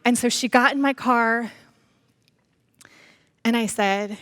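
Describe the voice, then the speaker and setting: A woman's voice: fairly high pitch, slow, a bit bright, dry recording. A middle-aged woman preaching a sermon in church, telling a personal story animatedly and calling the congregation y'all.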